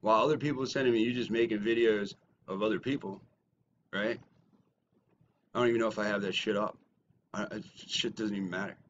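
A man ranting at critics in a response video, mocking and swinging from low muttering to loud shouting. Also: steady tone, fairly quick, long pauses, lo-fi sound, a little hiss or hum. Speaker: YouTuber. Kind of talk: confrontational response video rant.

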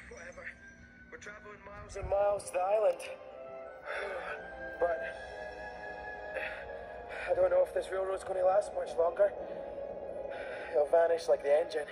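A man's voice: sits high, steady tone, measured pace, pauses often. A man voicing an easygoing young male conductor in a fan dub, casual, slangy and given to sighs. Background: music.

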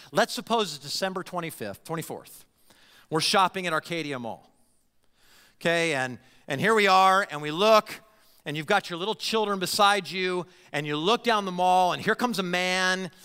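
A man preaching a sermon as pastor, animated and given to stumbling over and repeating his words, acting out the voices he quotes. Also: sits high. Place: church sanctuary. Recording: long reverb of a church hall.

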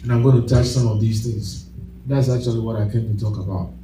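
A pastor in a church preaches a sermon in a steady, dark-toned mid-range voice at a brisk pace. He leads his congregation in call-and-response and bursts into laughter while telling stories. The recording comes from a distant mic in an echoey church hall, with a little hiss or hum.

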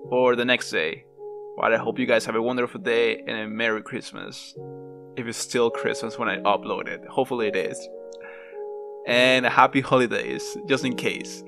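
A gaming host giving dramatic, excitable let's play commentary, yelping and groaning at each failure. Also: medium pitch.

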